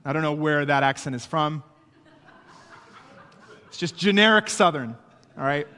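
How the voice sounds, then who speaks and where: A man's voice: a little high, a little slow, pushed and bright, big-room sound. A man preaching a sermon in a conversational way, often checking in with his listeners. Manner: conversational preaching with frequent "right?" asides. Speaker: pastor.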